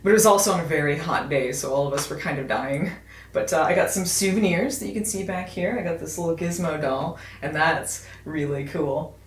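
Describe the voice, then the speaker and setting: A woman's voice: low voice, fairly quick, slight background noise. An American woman casually and wryly chatting to camera in a vlog, with many fillers. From United States. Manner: chatty, wry, lots of fillers. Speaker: video host. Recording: echoey room.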